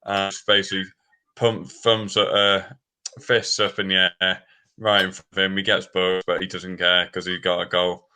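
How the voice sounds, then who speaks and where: A man co-hosting a football podcast, talking in a halting, hesitant way. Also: low voice, completely flat delivery, sharp tone, clear, resonant tone. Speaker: podcast co-host. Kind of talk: casual football chat.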